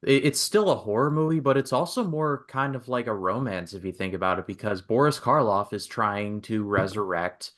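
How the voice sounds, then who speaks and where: A man's voice: on the low side, moderate pace, few pauses, a bit bright. A man chatting casually about movies, joking and a bit hesitant, self-deprecating. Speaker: podcast co-host.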